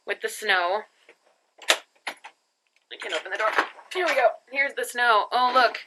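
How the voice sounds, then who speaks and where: A woman's voice: fairly high pitch, unhurried, noisy background. A young woman vlogging casually from home and then from a car, rambling and laughing at herself. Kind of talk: casual travel vlog.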